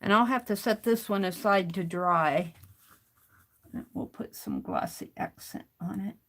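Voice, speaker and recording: A woman hosting a crafting livestream, talking slowly and muttering to herself as she works, then greeting her chat. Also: medium pitch, lively intonation. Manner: slow, muttering to herself while working, greets chat warmly. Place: home craft studio.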